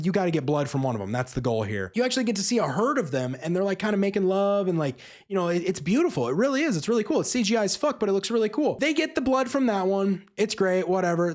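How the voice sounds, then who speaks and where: A movie reviewer ranting casually and sarcastically, swearing freely and acting out characters in passing. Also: mid-range voice. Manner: profane, exasperated, sarcastic; acts out characters mid-rant.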